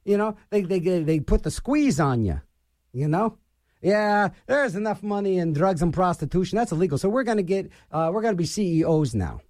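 A man's voice: high-pitched, expressive, a little fast, a little mellow, dry recording, studio quality. A middle-aged man hosting a radio show and delivering an opinionated political rant, scornful and repeating his phrases for emphasis.

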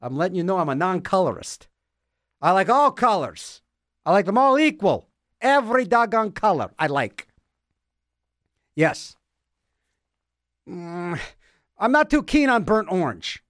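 A man's voice: high-pitched, sing-song, measured pace, pauses often, fairly bright tone, dry recording, studio quality. A man hosting a radio show, rambling in a goofy, self-mocking way and repeating words in silly voices. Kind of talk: rambling comedic radio banter.

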